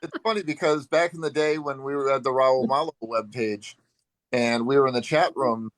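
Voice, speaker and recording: A man's voice: medium pitch, normal speed, a bit bright, no echo. A man telling a rambling story in casual chat on a live video call. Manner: chatty, rambling with restarts. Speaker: longtime fan, group member.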